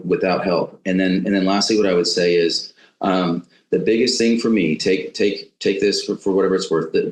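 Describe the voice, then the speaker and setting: A man with a deep, low-pitched voice shares his thoughts in a measured, halting way, often repeating words as he searches for them. His voice carries the noticeable echo of a roomy space. He speaks as a guest in an interview. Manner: halting, many restarts and fillers. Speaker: podcast guest. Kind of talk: reflective interview talk.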